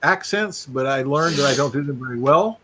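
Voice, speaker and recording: A man's voice: medium pitch, normal speed, husky. A man hosting a casual live-stream chat, telling stories animatedly and laughing as he talks. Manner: animated storyteller, laughs while talking. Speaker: host.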